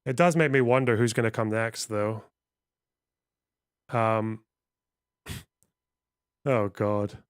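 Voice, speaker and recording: A man's voice: lowish voice, very slow, long pauses, clear, resonant tone, no echo, studio quality. A man chatting casually on a live stream, rambling and swearing as he reacts to chat.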